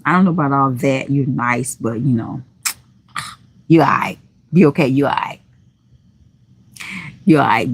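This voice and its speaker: A middle-aged woman hosting a casual livestream, folksy and chatty, reading viewer comments aloud and calling people "baby" and "honey" with sudden high exclamations. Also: husky. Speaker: livestream host.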